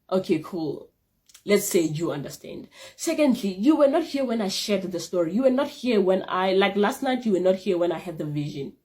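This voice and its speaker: A young woman telling a story from her student days, talking casually and with animation. She repeats her key phrases to drive them home, and her pitch sits in an ordinary middle range. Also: dark tone. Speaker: vlogger.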